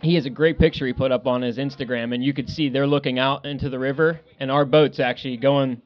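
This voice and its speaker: A man on a podcast telling a fishing story in casual talk, loud and swearing. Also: medium pitch, fairly even intonation, fast talker, faint music behind. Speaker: podcast co-host. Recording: dull lo-fi sound.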